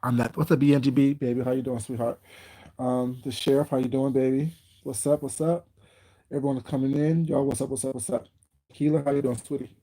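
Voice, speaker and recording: A man hosting a casual livestream, greeting viewers by name and calling people out with slow, emphatic points. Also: medium pitch, flat delivery, mellow. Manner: greets viewers by name, calls them baby; slow, emphatic, confrontational call-outs. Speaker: livestream host.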